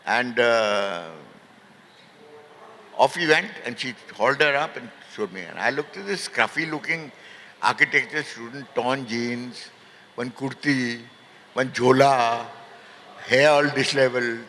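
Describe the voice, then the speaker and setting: Male raconteur, bright tense tone, booming hall reverb, brief for storyteller. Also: unhurried, a little hiss or hum. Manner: lively raconteur, acts out quoted voices, frequent fillers. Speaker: festival guest, ad filmmaker. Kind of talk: anecdotal storytelling on stage. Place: literary festival hall stage.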